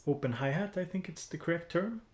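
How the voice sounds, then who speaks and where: On a music-production live stream, a man from Sweden edits samples while talking casually, full of fillers and false starts, in his Swedish accent. His voice is fairly high and lively, his pace fairly quick, and the audio is reverberant.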